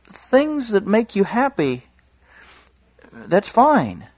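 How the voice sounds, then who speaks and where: A man's voice: wildly swooping pitch, drawn-out words, a little mellow, no echo. Preacher guy, earnest sermon, voice jumps up on the bible bits, dry close sound. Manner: earnest, rising pitch for emphasis, quotes scripture in a raised voice.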